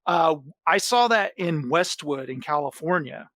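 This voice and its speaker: A man's voice: fairly high pitch, measured pace, no room sound. A man hosting a podcast, chatting casually and telling stories with enthusiasm. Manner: enthusiastic, animated storytelling. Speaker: podcast host. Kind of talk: casual chat.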